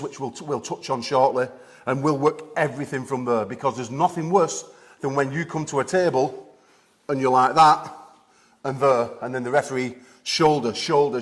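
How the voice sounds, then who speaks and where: Brief: man, coach type, slightly winded, slightly higher voice, keeps asking "okay?" during a gym seminar demo. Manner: energetic, coaching with frequent "okay?" check-ins. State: out of breath. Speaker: arm wrestling coach. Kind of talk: instructional seminar demonstration.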